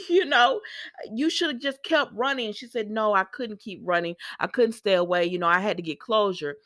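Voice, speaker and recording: A woman's voice: medium pitch, normal speed, no echo, studio quality. A woman, recapping a soap opera in casual talk, acting out the quotes and laughing often. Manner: animated, acts out quotes in lively voices, laughs often.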